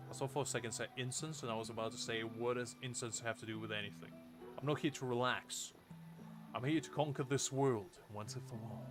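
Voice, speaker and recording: A man's voice: mid-range voice, moderate pace. A man streaming a game, reading the dialogue aloud with playful, rambling asides. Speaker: gameplay streamer. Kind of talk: casual gameplay commentary, reading dialogue aloud. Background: game music.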